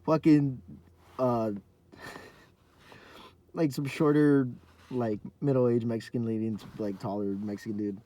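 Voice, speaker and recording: A man's voice: mid-range voice, fairly even intonation, unhurried, long pauses, mellow. A young man hosting a podcast, telling a story in a rambling, profane way full of fillers and restarts. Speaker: podcast host. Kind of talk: casual storytelling.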